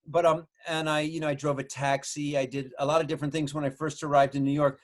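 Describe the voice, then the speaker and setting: A man's voice: on the high side, level tone, quick pace. A man in his sixties, a guest filmmaker, telling rambling stories from his home with lots of swearing and restarts. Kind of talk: casual storytelling chat.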